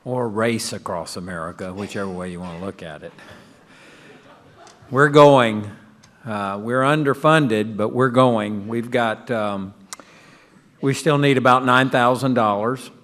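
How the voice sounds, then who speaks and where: A man's voice: on the low side, a little slow, a bit bright. A man giving a casual, offhand fundraising update at a meeting. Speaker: fundraiser speaker. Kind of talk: casual announcement.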